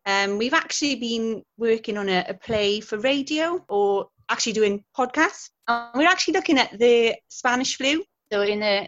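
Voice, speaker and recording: A woman's voice: a little high, moderate pace, hardly any pauses. Chatty laughing woman on a dull recording. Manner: chatty, laughs often, animated storytelling. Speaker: guest, historical interpreter. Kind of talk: casual interview chat.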